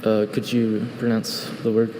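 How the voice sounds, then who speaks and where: Male speller, monotone, dark tone, careful, reverb, faint air conditioning. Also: lowish voice, measured pace, a little hiss or hum. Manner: flat, careful, asks about word roots. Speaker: spelling bee contestant.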